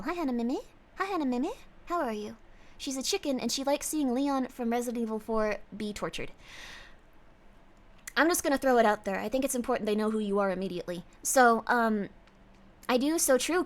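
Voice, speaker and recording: A bubbly woman streamer with a fairly high voice, chatting casually to her livestream viewers. She gushes and praises freely in an effusive, upbeat way.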